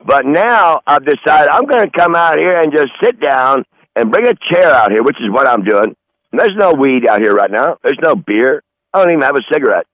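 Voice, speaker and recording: A man's voice: medium pitch, a bit bright, dry recording. Profane, blustery man on a dull line. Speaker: regular call-in guest. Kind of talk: rambling casual chat. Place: outdoors in his garden.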